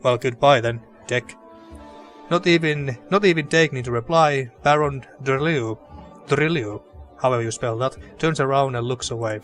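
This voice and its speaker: A man talks through his let's play in a chatty, joking way and trips over his own sentences as he goes. His voice sits at an ordinary middle pitch. Faint game music hums in the background. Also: normal speed, a bit bright. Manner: chatty, joking, frequent restarts. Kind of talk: casual gameplay commentary.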